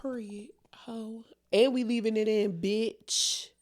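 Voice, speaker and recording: A woman's voice: a little high, fairly even intonation, takes it slowly. A young adult woman co-hosting a podcast, talking bluntly and candidly with a lot of profanity. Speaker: podcast co-host. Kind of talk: candid casual chat.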